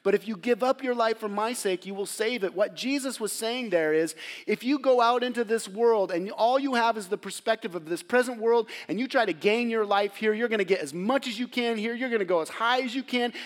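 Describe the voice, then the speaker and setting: A man preaching a sermon in a church, passionate and earnest, swinging between loud exhortation and hushed, quiet passages. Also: very high voice, animated, moderate pace, hardly any pauses. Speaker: pastor. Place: church sanctuary.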